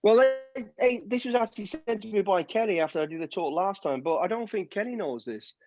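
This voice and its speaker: Lively male storyteller on a muffled call. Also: sits high, fairly quick, no room sound. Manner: animated anecdotes, acts out quoted voices, casual swearing. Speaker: guest, ex-soldier. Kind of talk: storytelling interview on a video call. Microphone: earbuds on a video call. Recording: dull, dry video-call audio.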